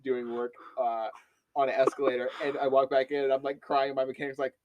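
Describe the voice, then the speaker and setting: A man hosting a casual podcast chat, telling stories in an animated way and swearing freely. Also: medium pitch, brisk, dull audio, noisy background.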